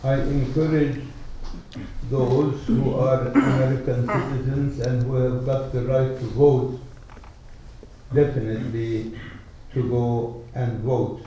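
A man preaching a sermon, telling a story in a slow, emphatic, deliberate way. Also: medium pitch, level tone, mellow, a little hiss or hum. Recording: echoey hall from far off.

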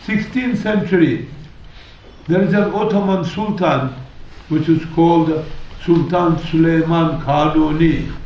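A man preaching a sermon, telling stories in a measured, deliberate way with emphatic rises. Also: a little high, a little mellow, a little hiss or hum. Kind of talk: sermon storytelling. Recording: echoey hall, distant, dull.

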